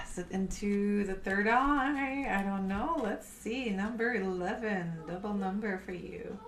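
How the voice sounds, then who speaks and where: Woman with a non-native english accent, soft and slow, guiding a meditation, kinda echoey room. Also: mid-range voice, slight background noise. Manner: slow, soft and soothing, trailing off at phrase ends; giggles now and then. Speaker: chant and meditation leader. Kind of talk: guided meditation and oracle card reading.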